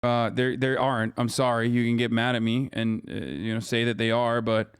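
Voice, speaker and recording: A man's voice: medium pitch, steady tone, moderate pace, clear, resonant tone, dry recording, studio quality. Blunt, profane male streamer. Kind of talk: live stream reaction.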